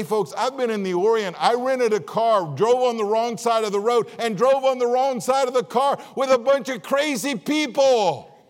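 Folksy Baptist pastor preaching in a hall. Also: male voice. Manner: folksy, jokey preaching with swings in pitch and volume. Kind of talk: sermon. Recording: long reverb of a large hall.

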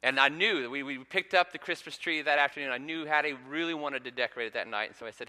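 A man in his thirties preaching a sermon in a church, telling a family story in a relaxed, conversational way. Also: fairly high pitch, fast talker, hardly any pauses. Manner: conversational storytelling with frequent ums. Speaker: pastor. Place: church sanctuary. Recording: long hall reverb.

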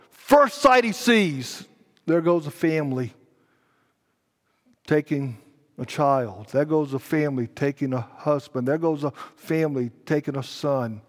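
Dramatic high-voiced preacher in a reverberant church. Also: male voice. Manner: dramatic storytelling, big swings between hushed and loud. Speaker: pastor. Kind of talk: sermon. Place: church sanctuary. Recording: long church hall reverb.

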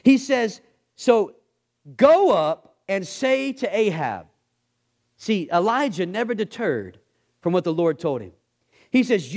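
A male guest pastor, delivering an animated sermon in a slightly high voice that swings widely in pitch. He keeps dropping into quieter, lower voices to act out the people in his story. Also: measured pace. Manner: animated, acts out bible characters in dropped voices.

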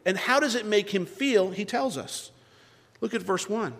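A man preaching a sermon at a Bible study, earnest, with dramatic pauses and restarts. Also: high-pitched, a bit bright. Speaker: pastor leading a Bible study. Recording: long hall reverb.

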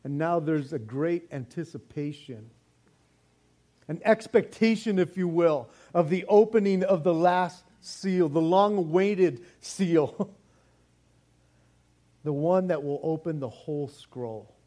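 An older man preaching a sermon in a lively, joking way, often restarting his words. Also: on the high side, slow pace. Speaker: pastor.

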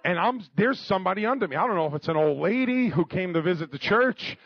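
A middle-aged man preaching, telling a story in an animated, joking way and calling for amens. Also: high-pitched, fast, slightly rough, dry recording, highs cut off. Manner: animated, jokey, calls for amens. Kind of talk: storytelling sermon.

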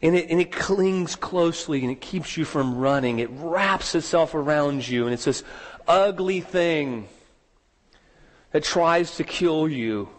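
A man preaching a sermon, telling a story with rising dramatic emphasis and slowing down on key words. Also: on the high side, lively intonation, big-room sound. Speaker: pastor.

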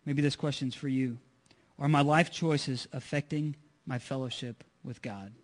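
A man's voice: medium pitch, steady tone, a little slow. A man preaching a sermon as pastor, earnest and repetitive, asking his listeners rhetorical questions.

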